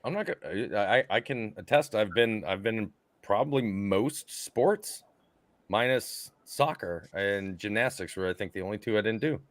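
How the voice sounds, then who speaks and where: A man co-hosting a podcast, telling a story in loose, casual banter. His pitch leaps and dips as he acts out other people's lines, with plenty of swearing. The sound is dry and close to the mic. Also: moderate pace, no room sound. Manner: animated storyteller, swears freely, acts out quotes. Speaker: podcast co-host.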